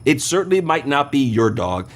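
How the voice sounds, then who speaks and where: A man's voice: mid-range voice, very animated, moderate pace. A man hosting an insurance show, answering listener questions in a conversational, explanatory way and often checking in with the listener.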